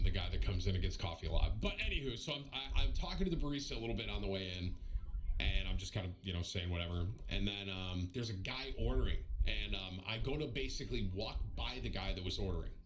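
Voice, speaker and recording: Animated man joking with his stream. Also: sits low, rough recording. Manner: animated, joking, with frequent restarts and asides to chat. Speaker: streamer telling a story to his viewers. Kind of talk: casual storytelling to a live audience.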